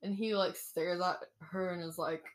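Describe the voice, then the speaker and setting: A woman's voice: lowish voice, steady tone, normal speed. A young woman casually retelling a book's plot in a rambling, giggly way full of fillers. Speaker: storyteller. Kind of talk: casual chat.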